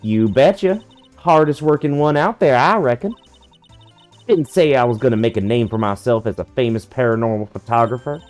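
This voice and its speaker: A man's voice: mid-range voice, moderate pace, darkish tone, soft background music, voice pushed up, close to an everyday voice. A man voicing a brash, pushy woman photographer with a put-on Southern US drawl, boastful and folksy. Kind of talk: fan voicing of a game character.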